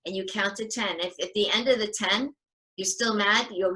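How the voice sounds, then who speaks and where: A woman guest on a podcast, giving parenting advice in an animated, chatty way and acting out little scenes. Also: medium pitch, brisk, rough recording. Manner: animated, gives advice and acts out short scenes. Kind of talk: casual advice chat.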